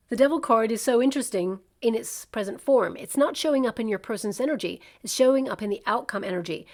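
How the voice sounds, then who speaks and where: Casting note: woman, tarot reader, easygoing and musing one-on-one delivery, mid-range pitch. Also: darkish tone. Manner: conversational, musing, frequent "you know" and "like". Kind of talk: tarot reading monologue.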